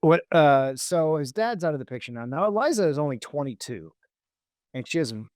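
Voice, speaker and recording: A man hosting a comedy podcast, retelling a history story casually with halting restarts. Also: fairly high pitch, big pitch swings, a little mellow, no room sound, clean studio sound. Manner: halting, many restarts and fillers.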